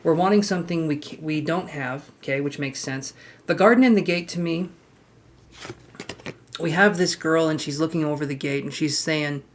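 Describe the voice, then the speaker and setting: Tarot reader, casual live-streamed reading, chatty, frank asides, mid-range pitch. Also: moderate pace, slight background noise. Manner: chatty, talks straight to the viewer, with frank asides.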